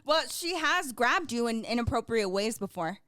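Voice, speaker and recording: Speaking at a moderate pace with a voice on the high side, this young adult woman co-hosts a podcast in a relaxed, chatty way. She tells stories with lots of energy, voices other people's lines, and laughs frequently, all captured in clean studio audio without echo.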